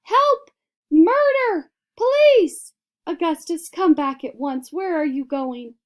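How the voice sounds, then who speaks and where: A woman's voice: high-pitched, animated, normal speed, pitched above the performer's own voice. A woman reading a storybook aloud and voicing a hysterical, bossy rich mother who shrieks and scolds. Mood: frantic. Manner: shrieking, frantic, indignant.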